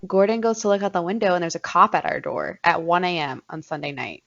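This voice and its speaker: A woman's voice: lowish voice, animated, fast, a bit bright. A young woman co-hosting a podcast, telling a story in casual, profane chat and laughing often. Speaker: podcast co-host. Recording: dull lo-fi podcast audio.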